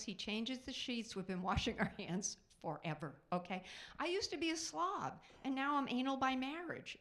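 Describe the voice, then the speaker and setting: A woman's voice: fairly high pitch, fairly bright tone, slight background noise. Chatty middle-aged woman doing stand-up. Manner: chatty, self-mocking, quick asides to the audience. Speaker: stand-up comedian. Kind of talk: stand-up comedy set. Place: live theater stage.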